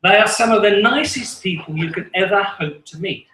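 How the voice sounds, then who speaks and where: A man's voice: high voice, normal speed, sharp tone, a little hiss or hum. A man with an English accent doing self-deprecating stand-up comedy at an open mic, chuckling at his own jokes. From England. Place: small live venue. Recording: echoey room.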